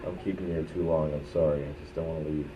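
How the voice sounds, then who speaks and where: A man in his thirties doing live stand-up, profane and ranting, swinging from loud outbursts to low muttered asides. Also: steady tone, rapid-fire. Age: 30s. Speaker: stand-up comedian. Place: comedy club stage. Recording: muffled bootleg recording from a distance with loud crowd noise. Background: audience laughter.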